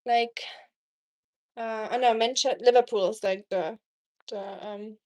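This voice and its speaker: A woman's voice: fairly high pitch, fairly even intonation, slow pace, a little mellow. A young woman hosting a casual cooking live stream, chatting with viewers and reading their messages aloud, from Germany. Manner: chatty, reads chat aloud, frequent ums.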